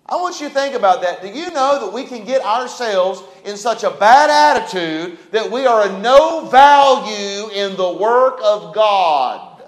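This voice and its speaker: Preaching a sermon with emphasis, a man reads Bible verses, presses his argument, and closes with a brief prayer. His high voice is animated and unhurried, with few pauses, and the sound is roomy.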